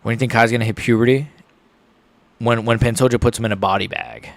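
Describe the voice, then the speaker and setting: A man's voice: medium pitch, steady tone, quick pace, no room sound. Young man rambling on a live stream. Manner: rambling, stumbling over words. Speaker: livestream host. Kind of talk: casual live reaction chat.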